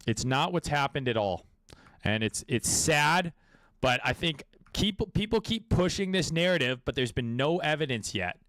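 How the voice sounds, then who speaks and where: A man's voice: on the high side, fairly bright tone, no room sound, studio quality. A man in his late twenties or thirties giving casual, crude and profane crypto market commentary, riffing off the cuff.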